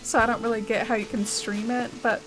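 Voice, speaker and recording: A young adult woman rambles through a game stream, reading chat aloud and filling her casual talk with "like" and "uh." Her fairly high voice has a flat delivery and runs a little fast. Music plays in the background of this low-quality recording.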